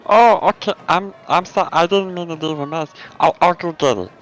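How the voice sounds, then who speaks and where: A man's voice: on the high side, a little fast, fairly bright tone, lightly acted, poor audio. A man voicing a sweet, childlike male companion who is cheerful, eager and trips over his words. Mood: bubbly, eager.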